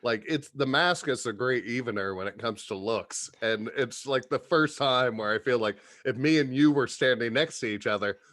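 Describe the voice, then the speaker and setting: A man's voice: medium pitch, normal speed, hardly any pauses, fairly bright tone, no echo, clean studio sound. A man appearing as a podcast guest, rambling through crude jokes and often laughing as he talks. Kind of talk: casual comedy podcast chat.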